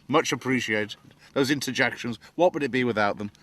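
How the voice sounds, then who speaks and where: A man's voice: mid-range voice, moderate pace, a bit bright. A man telling a long, self-mocking story about how he became an actor, chuckling as he goes. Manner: jokey, self-mocking, chuckles between lines. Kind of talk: anecdotal monologue to camera.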